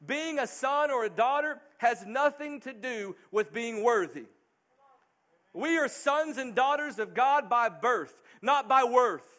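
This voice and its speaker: A man's voice: extremely high pitch, lively intonation, takes it slowly, sharp tone. A middle-aged male pastor preaching a sermon, earnest and emphatic.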